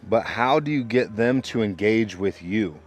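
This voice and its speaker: A young man, a father, telling a casual vlog story about parenting in a relaxed, conversational way. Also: fairly low pitch, a little slow, soft background music. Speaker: parent vlogger.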